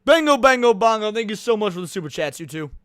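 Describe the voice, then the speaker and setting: High, bright-voiced excitable man. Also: clean tone, dry recording, studio quality. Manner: profane, excitable, drawn-out for emphasis. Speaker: livestream host. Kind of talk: casual livestream commentary.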